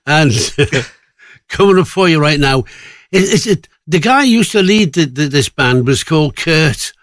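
A man's voice: fairly high pitch, expressive, unhurried, a bit bright, no room sound. A man presenting a radio show, chatty and breezy between items.

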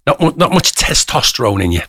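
A man's voice: medium pitch, sing-song, fast talker, pushed and bright, no room sound, clean studio sound. A young man hosting a radio show, chatting and teasing his co-host in casual on-air banter. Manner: teasing, joking.

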